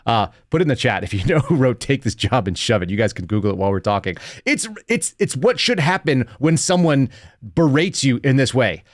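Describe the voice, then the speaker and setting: A man in his thirties hosts a live podcast with blunt, mocking commentary, breaking into laughter between points. His voice sits at an ordinary middle pitch. The mic is close and the sound is dry, with no room around it. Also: big pitch swings, brisk, no echo. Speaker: podcast host.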